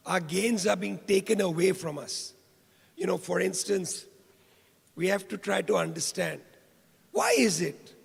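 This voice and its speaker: An older man from India giving an impassioned public lecture with a hoarse, rough voice, repeating key phrases for weight. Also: sits high. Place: lecture hall. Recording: reverberant hall.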